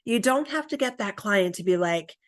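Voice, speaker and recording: A woman's voice: mid-range voice, expressive, normal speed. A woman teaching a counselor training in a conversational way, often checking in with "right?" and acting out sample lines a counselor and a client might say. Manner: conversational, tags statements with "right?". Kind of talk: recorded training lecture.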